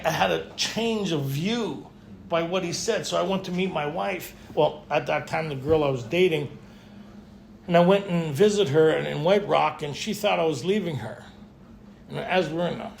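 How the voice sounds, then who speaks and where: A middle-aged man speaking at a recovery retreat, telling his story in an animated way and acting out the dialogue. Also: on the high side, gravelly, a little hiss or hum.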